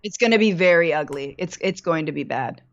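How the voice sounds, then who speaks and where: A woman guest on a political comedy chat, making mocking, deadpan jokes. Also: deep voice, fairly quick, lo-fi sound.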